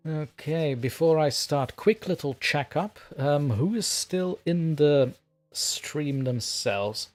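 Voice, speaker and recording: A man's voice: a little high, takes it slowly, a little mellow. A man hosting a casual livestream, talking with a rambling, chatty manner and laughing often. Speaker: livestream host and story narrator.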